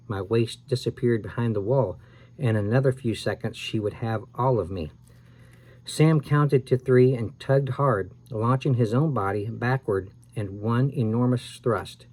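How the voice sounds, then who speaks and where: A man's voice: medium pitch, a little mellow. A man reading a scary children's book aloud with expression, now and then correcting himself. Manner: reads with expression and small self-corrections. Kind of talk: dramatic read-aloud of a scary children's story.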